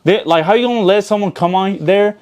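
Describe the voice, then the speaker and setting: A man's voice: sits high, brisk, darkish tone. A young adult man as an interview guest, telling his side in a casual, slangy podcast talk full of swearing.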